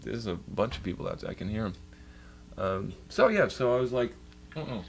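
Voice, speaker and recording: A man's voice: fairly low pitch, very animated, moderate pace, a little hiss or hum. A young man streaming, telling a rambling, profane story in casual chat.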